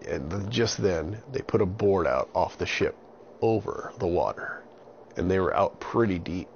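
A man with a gravelly, low voice narrates a children's story. He tells it in an animated way and throws in sound effects. The recording is dull and lo-fi, with a faint hiss. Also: moderate pace.

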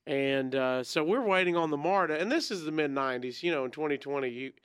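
Bright, crisp man telling a story. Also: a little high, fast, dry recording, clean studio sound. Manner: rambling, animated, acts out quoted voices. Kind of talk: casual storytelling chat.

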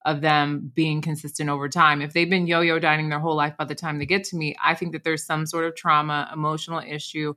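A woman's voice: sits low, level tone, brisk, few pauses, sharp tone. A woman who works as a wellness coach and co-hosts a podcast, chatting casually and energetically with plenty of "like" and "you know".

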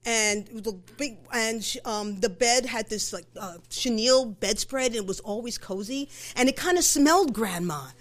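A middle-aged woman telling a personal story live, in a conversational, animated way with fillers and self-corrections. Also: on the high side, normal speed, hardly any pauses.

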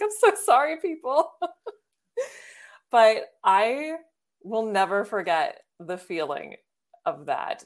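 A young woman guest on a podcast tells a personal story with lively animation and frequent laughter. Her voice sits a little low for a woman. She talks in a relaxed, conversational way. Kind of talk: casual chat, storytelling.

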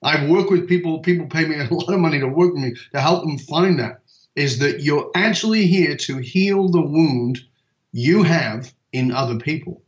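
A man's voice: on the high side, lively intonation, normal speed. Emphatic man coaching, echoey dull sound. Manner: emphatic storytelling, casual swearing. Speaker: purpose coach. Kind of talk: conversational podcast talk.

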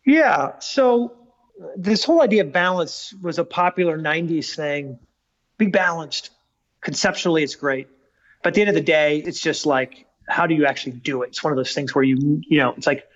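A man's voice: fairly high pitch, normal speed, fairly bright tone, dry recording, lo-fi sound. A man speaking as a guest on a podcast interview. He tells stories casually but with emphasis, and acts out the dialogue he quotes.

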